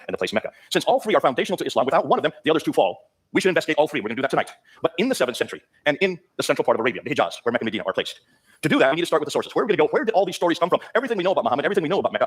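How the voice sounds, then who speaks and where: A man giving a public lecture to a live audience in a rapid-fire delivery, asking the crowd rhetorical questions. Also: mid-range voice, a bit bright, slightly rough. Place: venue with a foyer, before an audience.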